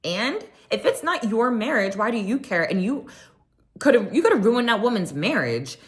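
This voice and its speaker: A woman's voice: fairly high pitch, moderate pace. A young woman giving a chatty, opinionated recap of a reality TV episode, acting out the people she quotes. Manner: chatty, opinionated, animated retelling with quoted voices. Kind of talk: casual recap commentary.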